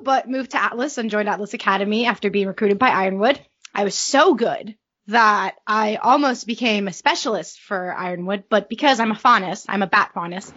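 A woman's voice: a little high, a bit bright. A woman playing in a tabletop game who introduces her character in a giggly, hesitant way. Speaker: player. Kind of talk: casual chat, introducing a character. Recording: dull lo-fi audio.

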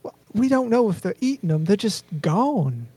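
Nervous Southern innkeeper woman, put on by a man. Drawl, high and dry. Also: very animated, normal speed, warm tone, husky, no echo, full character voice. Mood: uneasy. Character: rural innkeeper woman, nervous, secretive gossip.

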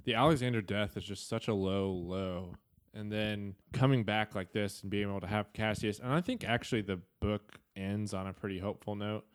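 Woman with a super low voice on a book podcast, chill, laughs a lot, explains stuff. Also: moderate pace. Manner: relaxed, laughs often, explains things. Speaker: podcast co-host. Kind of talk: casual book discussion.

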